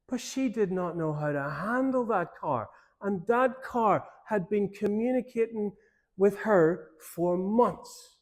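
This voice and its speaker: A man with an Irish accent, a pastor telling a personal story in a church seminar talk, in an informal, animated way. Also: sits high, slow pace. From Ireland.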